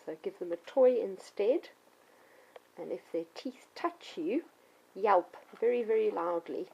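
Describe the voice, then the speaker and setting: A woman in middle age talks children and their parents through puppy training in a clear, patient voice. She sits at an ordinary middle pitch and sometimes breaks into sudden yelps or high children's voices to make a point. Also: animated, unhurried, lo-fi sound. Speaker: dog trainer. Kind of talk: instructional talk to children and parents.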